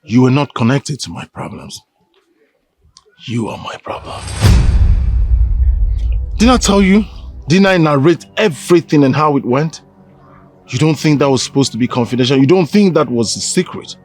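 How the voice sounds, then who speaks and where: A man's voice: mid-range voice, lively intonation, a little slow, long pauses, darkish tone. An actor with a Nigerian English accent playing a suspicious young man who confronts his friend. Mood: accusing. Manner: confrontational, accusing. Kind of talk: Nollywood film acting. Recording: film audio with background music.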